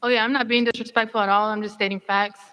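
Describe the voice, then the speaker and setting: Flat, matter-of-fact female fighter. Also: mid-range voice, fast, clean tone, poor audio. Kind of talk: press conference answers.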